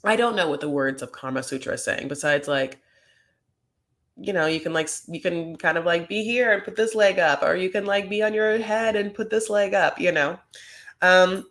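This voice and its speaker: A man's voice: sits high, normal speed, a bit bright. A man hosting a comedic reality TV recap, talking in a rambling, campy way full of fillers.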